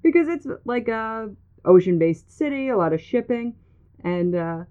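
A woman's voice: on the high side, lively intonation, normal speed, dark tone, clear, resonant tone. A woman hosting a casual chat, telling stories in a jokey way with lots of laughing. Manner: giggly, jokey storyteller. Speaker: podcast host. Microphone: phone. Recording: tinny phone-like line.

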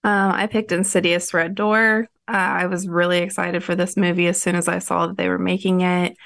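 Female podcast co-host, lower pitch, candid and profane, dry recording. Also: level tone, normal speed, creaky, a bit bright, no echo. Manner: candid, swears freely. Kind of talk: casual podcast chat.

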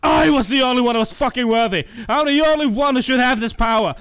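A man voicing an edgy young male villain, who rants about Satan in a grandiose, raving way, pitching higher as he shouts. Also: animated, a little slow, no room sound, full character voice. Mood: furious rant. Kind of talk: comic reading with put-on voices.

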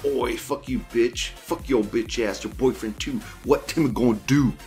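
A man's voice: medium pitch, measured pace, soft background music, natural voice. A man putting on the voice of a crude, threatening young male catcaller in a mocking tone. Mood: aggressive.

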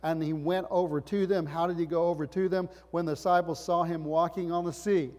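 A man's voice: fairly high pitch, fairly even intonation, brisk, darkish tone. A middle-aged man preaches a sermon, his somewhat raised voice climbing into emphatic bursts between rhetorical questions. He sounds like a pastor working a congregation. The sound rings out with a long reverb, as in a large hall.

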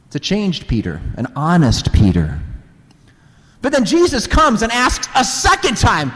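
A man preaching a sermon in an animated way, acting out dialogue and putting questions to the audience. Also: high-pitched, a little slow, in a large hall.

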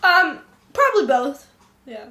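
Woman interviewer, high childlike voice, playful deadpan teasing. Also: a little slow.

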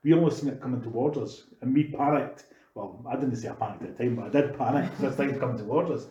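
A Scottish man tells ghost stories in a relaxed, chatty way and acts out the voices of the people in them. His voice is dark and mellow. The sound bounces around an echoey room in an old house. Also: mid-range voice, fast, highs cut off. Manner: animated, acts out dialogue. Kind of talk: casual storytelling. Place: large old house indoors.

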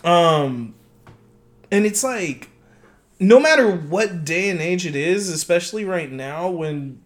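A man's voice: high-pitched, lively intonation, slow. A man co-hosting a casual film podcast, chatty and joking, laughing often and swearing casually. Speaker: podcast co-host.

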